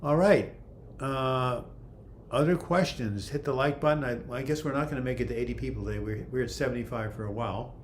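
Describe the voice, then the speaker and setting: A man's voice: mid-range voice, a little fast, a little hiss or hum. An older man hosting a casual livestream, reading viewer comments aloud and answering them in a chatty way. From United States. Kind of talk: casual live chat.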